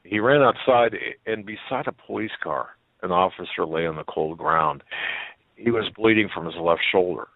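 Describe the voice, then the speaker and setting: A man reading a story aloud as a radio host, in a halting way with many fillers and restarts. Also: sits low, no echo. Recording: tinny phone-like line.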